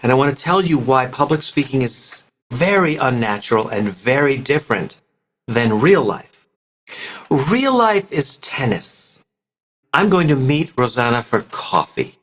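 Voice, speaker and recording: A man speaking as a voice coach guest on a podcast interview, explaining expressively with frequent pitch shifts and breaking into quick demonstration voices. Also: very animated, fairly bright tone, a little hiss or hum.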